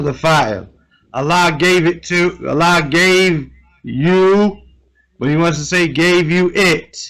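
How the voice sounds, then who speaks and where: A man's voice: a little high, fairly bright tone, low-quality recording. A man teaching Arabic grammar in an online class, explaining step by step and often checking in with "right?".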